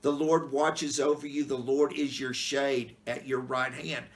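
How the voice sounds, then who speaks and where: Folksy middle-aged pastor, easygoing. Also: male voice, mid-range voice, level tone, unhurried. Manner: folksy, conversational, plain-spoken. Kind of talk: casual devotional Bible talk.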